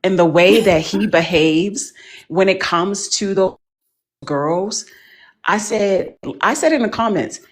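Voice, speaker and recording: A woman talking as a panelist in casual chat, animated and emphatic, full of slang. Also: medium pitch, slow pace.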